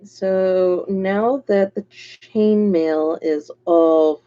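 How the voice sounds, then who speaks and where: A woman's voice: mid-range voice, very slow, dark tone, lo-fi sound. A woman hosting a casual livestream, chatting to viewers by name as she paints miniatures.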